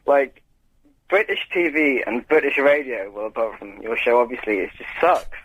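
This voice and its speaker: A man's voice: mid-range voice, fairly bright tone, slight background noise. A young man calling into a radio show, firing off eager questions one after another over a phone line. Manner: eager, rapid-fire questioning. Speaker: caller. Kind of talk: phone-in call.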